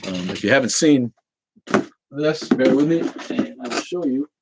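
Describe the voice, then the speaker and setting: A man's voice: medium pitch, animated, unhurried, heavy background noise. A man from Boston hosting a casual livestream, rambling, swearing freely and answering chat comments. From Boston, New England. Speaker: livestream host.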